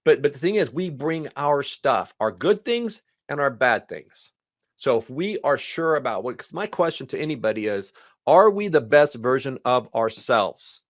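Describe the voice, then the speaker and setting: A man speaking as a guest counselor in a casual conversation, animated and acting out other people's lines, repeating words in quick bursts. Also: medium pitch, dry recording, clean studio sound.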